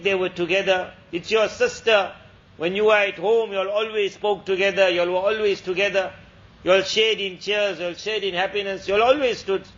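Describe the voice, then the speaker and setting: A male Islamic lecturer with a high voice tells a moral tale and draws lessons from it. He speaks earnestly and repeats key phrases for emphasis. The sound is muffled and lo-fi, like an old lecture tape. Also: fairly bright tone. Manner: earnest, repetitive, preachy. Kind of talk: storytelling sermon. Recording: dull lo-fi lecture recording.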